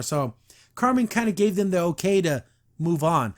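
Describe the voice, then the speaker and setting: A man's voice: high voice, lively intonation, moderate pace. A young man hosting a podcast, recapping and reacting to a cartoon episode in a casual, enthusiastic, rambling way. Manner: enthusiastic, rambling, frequent restarts and laughs.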